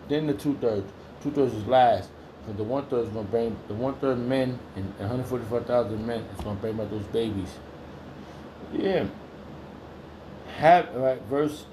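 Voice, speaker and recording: At home, a man informally reads and preaches from the Bible, rambling and repeating himself as he swings between loud exclamations and low muttering. His talk is crude and heated, he restarts often and repeats phrases, and there's slight background noise.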